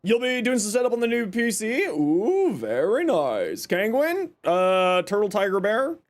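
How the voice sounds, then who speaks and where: A man hosts a live game stream in a high voice. His pitch jumps around a lot as he chats casually, greets viewers by name and throws in playful sarcasm. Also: wildly swooping pitch, a little slow. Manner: upbeat, greets chat by name.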